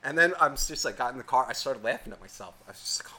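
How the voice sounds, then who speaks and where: A young man co-hosting a podcast, telling a story in a casual, profane, animated rant. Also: mid-range voice, fast, few pauses, a crowd in the background. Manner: swears constantly, animated ranting. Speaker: podcast co-host.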